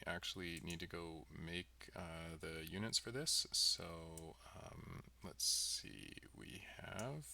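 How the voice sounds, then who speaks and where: Slow, gravelly man thinking aloud. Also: deep voice, noisy background. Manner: thinks aloud with many ums and let's sees. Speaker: game developer. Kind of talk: livestream coding walkthrough. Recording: distant mic with loud keyboard typing. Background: keyboard typing and mouse clicks.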